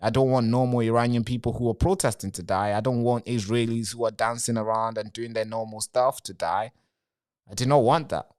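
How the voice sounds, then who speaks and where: A man's voice: medium pitch, steady tone, a little fast, a little mellow. A man hosting a live stream, talking straight to his viewers in a rambling way and answering chat comments. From Britain.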